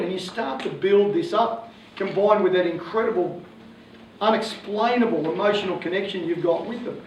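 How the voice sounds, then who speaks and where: An Australian man in his forties, a coach giving a joking, animated public talk to parents. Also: high voice, moderate pace, a little hiss or hum. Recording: echoey hall from far off, faint ambience.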